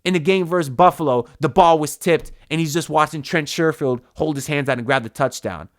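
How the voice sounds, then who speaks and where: Young guy ranting about his team, fed up and worked up, voice sits kinda high. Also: a little fast, hardly any pauses. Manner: frustrated, ranting, repeats words. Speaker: sports fan vlogger. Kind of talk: ranting sports vent.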